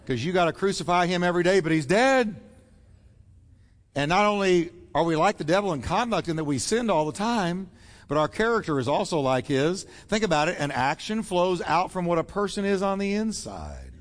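A man's voice: high-pitched, very animated, moderate pace, big-room sound. A man preaching a sermon as pastor, emphatic and acting out the voices he quotes.

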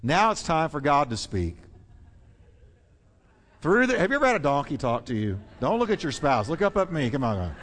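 A male pastor preaching a sermon in an animated way, swinging between loud exclamations and hushed, earnest passages. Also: on the high side, normal speed, slight background noise. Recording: long hall reverb.

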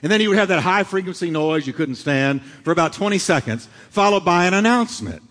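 A middle-aged male pastor preaching a sermon, swinging from loud, dramatic lines to hushed ones. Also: high voice, animated, fairly quick. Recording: long hall reverb.

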